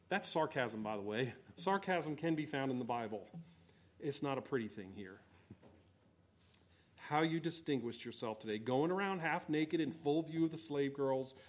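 A man preaching a sermon, swinging between loud exhortation and quiet asides. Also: mid-range voice. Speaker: pastor.

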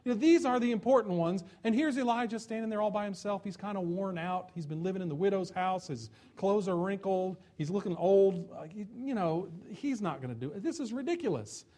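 Male preacher, higher register, dramatic storyteller who voices the crowd and taunts. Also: lively intonation, a little fast, hardly any pauses, mellow. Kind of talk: sermon.

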